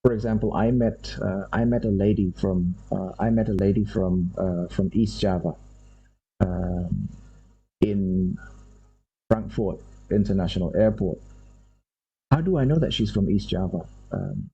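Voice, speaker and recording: A university lecturer from Indonesia talks a class through his point in English. His voice is very husky and deep-toned, with a rather low pitch. He works through ideas aloud, often repeating himself. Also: warm tone, dull audio. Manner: unhurried, thinks aloud, often repeats phrases.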